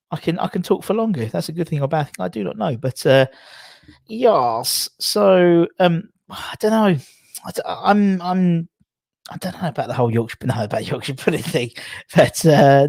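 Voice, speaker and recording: A man's voice: mid-range voice, vocal fry, a little mellow, no room sound, studio quality. A man hosting a rambling, self-mocking casual chat from home, full of fillers and restarts. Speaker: host of a chat stream. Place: home room, in a swivel chair.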